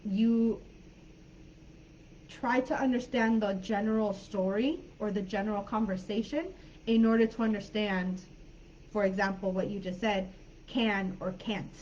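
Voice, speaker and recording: A woman's voice: medium pitch, steady tone, a little slow, a little mellow. A woman English teacher giving a live online class, talking casually with many fillers and restarts. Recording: slightly dull online call audio with faint noise.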